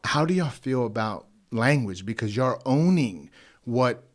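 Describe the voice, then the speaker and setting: A man in a casual podcast chat, asking questions in a halting way with many restarts. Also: medium pitch, animated.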